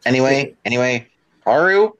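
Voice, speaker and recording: A man's voice: medium pitch, animated, moderate pace, a bit bright, smooth, dull audio. A man co-hosting a casual chat show, dropping in dry remarks. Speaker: podcast co-host.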